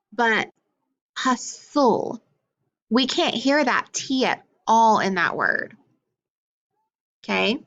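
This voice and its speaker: A woman's voice: medium pitch, a bit bright, dull audio. A woman teaching a phonics lesson to young children, with patient, sing-song call-and-response prompts.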